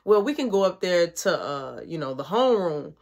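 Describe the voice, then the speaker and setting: A woman's voice: on the low side, big pitch swings, normal speed, creaky, a little mellow, voice pushed down. A woman voicing a hesitant male school principal who fumbles through his answers.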